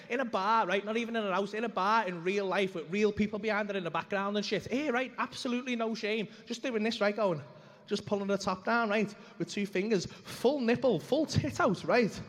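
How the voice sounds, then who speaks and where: Sweary high-voiced comic. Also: male voice, a little fast. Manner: sweary, animated, acts out dialogue. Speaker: stand-up comedian. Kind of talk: stand-up storytelling. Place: comedy club stage. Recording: live club room with faint ambience.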